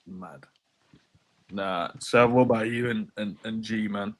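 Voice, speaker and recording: A man's voice: fairly low pitch, a little slow. A man hosting a casual podcast chat, amused and teasing as he passes questions to the others.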